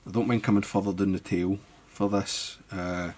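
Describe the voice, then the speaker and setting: A man giving a relaxed step-by-step fly-tying tutorial, thinking aloud as he works. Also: deep voice, normal speed.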